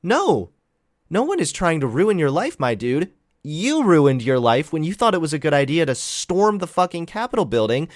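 A man's voice: high voice, no room sound, studio quality. A young man casually reacting to clips on a vlog, sarcastic and profane, laughing at his own jokes. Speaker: political commentary vlogger.

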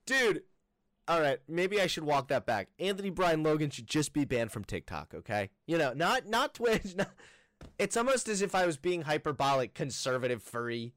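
A man's voice: a little high, sing-song, moderate pace, a bit bright, dry recording, studio quality. A young man doing sarcastic, combative reaction commentary and arguing with a caller. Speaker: commentary streamer. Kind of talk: reaction commentary and phone debate.

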